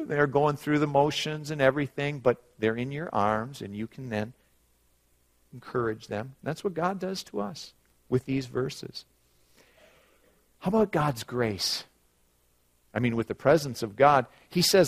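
A middle-aged man preaching a sermon, rising loud on scripture and dropping quiet for personal stories. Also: mid-range voice, animated, unhurried, long pauses. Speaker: pastor.

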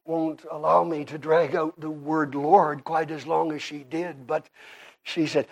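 A man with a Canadian accent preaching a sermon, emphatic and shifting between quiet and loud passages. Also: fairly high pitch, level tone, a little slow, vocal fry.

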